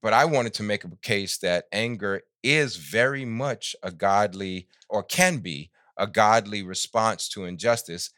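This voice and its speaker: A man being interviewed about his book on a podcast, explaining his views in a measured, emphatic way. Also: on the low side, fairly bright tone, dry recording, studio quality. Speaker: guest author.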